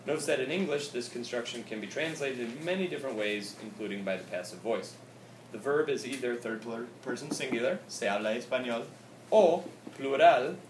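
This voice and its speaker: A man teaches a grammar class in a loose, chatty way, switching languages and asking "okay?" after nearly every point. He sounds set back from the mic in an echoey classroom. A steady hiss of noise runs under his voice. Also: medium pitch, distant mic. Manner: casual, repeats "okay?" often, switches between English and Spanish. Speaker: Spanish teacher. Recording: echoey room recorded from afar, with noise.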